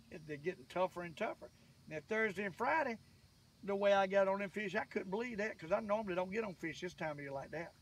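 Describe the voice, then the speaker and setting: An older man with a Southern US accent, chatting in a folksy, rambling way to viewers while fishing from a boat on a lake. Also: sits high. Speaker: fishing vlogger. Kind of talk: casual fishing vlog talk. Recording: distant mic, faint outdoor ambience.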